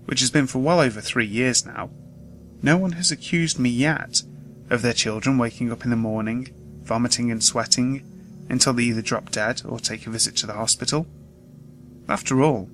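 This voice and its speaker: A man's voice: medium pitch, a little fast, fairly bright tone, poor audio. Man narrating a horror story over music.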